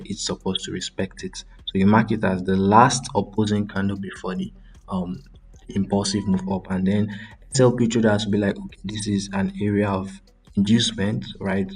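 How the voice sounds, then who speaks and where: A man's voice: on the low side, darkish tone, breathy edge. A young man hosting a trading channel, casually talking through a live screen-share trade breakdown with frequent ums and self-corrections.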